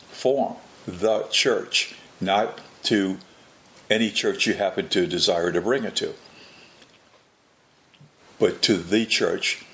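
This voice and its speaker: A man with a low, gravelly voice delivers a religious teaching at an unhurried pace. He often restarts his phrases and repeats words as he works through a point. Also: a bit bright. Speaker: Catholic preacher.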